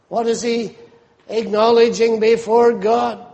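A man preaching a sermon in a measured, emphatic way, repeating phrases for stress. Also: high-pitched, level tone, a little mellow. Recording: long reverb of a large hall.

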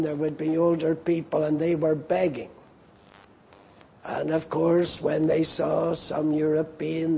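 An older man preaching a sermon, slow and deliberate, stressing quoted lines. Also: on the high side, gravelly, mellow, slightly rough.

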